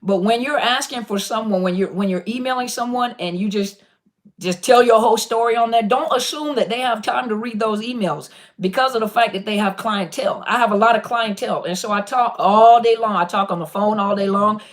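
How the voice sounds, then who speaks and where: A woman's voice: a little high, brisk. A woman hosts a live-stream Q&A from her webcam. She talks casually and animatedly to viewers, often repeating "listen" to get their attention. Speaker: online coach on narcissist abuse, live Q&A host.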